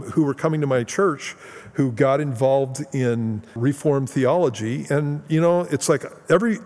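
A man's voice: medium pitch, a little mellow, in a large hall. A man preaching a sermon as pastor, explaining Bible verses with plain, casual asides.

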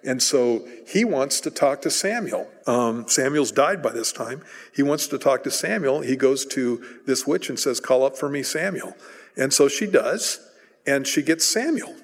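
A man giving a sermon in an easygoing, storytelling manner, now and then slipping into the voices of the people in his story. His voice has a middle pitch and carries a long reverb, as if he is speaking in a large hall. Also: expressive, measured pace. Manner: conversational storytelling, acts out voices in retellings. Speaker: preacher.

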